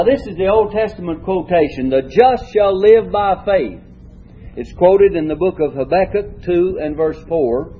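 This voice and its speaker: A fairly high, husky male voice delivers a Bible lesson at a measured teaching pace. He leans on single words as he reads verses aloud. The recording sounds dull and lo-fi. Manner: measured teaching, reads scripture slowly with shifting emphasis.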